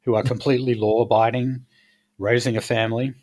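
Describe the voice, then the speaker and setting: A man's voice: medium pitch, little pitch movement, brisk, darkish tone. A man hosting a casual political chat, blunt and crude, rambling with many fillers. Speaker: podcast host.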